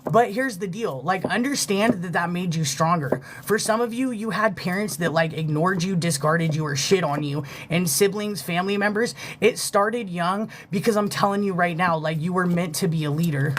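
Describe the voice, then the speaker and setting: A casual live-stream reader delivers an intuitive reading in a rambling, sincere way, swearing freely and thanking viewers as it goes. The voice sits at a middle pitch. A light background hiss runs under the talk. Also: moderate pace, few pauses. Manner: loose, heartfelt, swears freely, heavy filler "like". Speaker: livestream spiritual reader.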